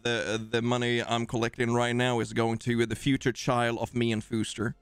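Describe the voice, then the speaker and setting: A man's voice: medium pitch, level tone, normal speed, smooth, dry recording. A man with a Swedish accent hosting a live game stream, casually joking and thanking viewers. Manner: jokey, rambling, thanking viewers. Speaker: streamer host.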